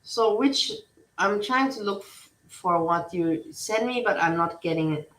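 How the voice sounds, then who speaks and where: A woman's voice: mid-range voice, a little slow, fairly bright tone, reverberant, distant mic, poor audio. A woman hosting a casual livestream chat, rambling and blunt, swearing freely. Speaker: livestream host.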